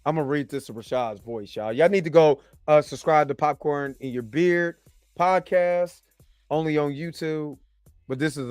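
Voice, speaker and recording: A man hosting a casual reaction review, animated and joking as he talks straight to his viewers. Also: a little high, normal speed, clear, resonant tone, dry recording, soft background music. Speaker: host and movie reviewer.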